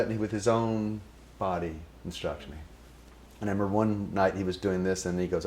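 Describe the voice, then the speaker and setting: A man telling a personal anecdote about his spiritual teacher in an animated, reverent way, quoting others and reciting passages from memory. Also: low voice, a little fast. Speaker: storyteller.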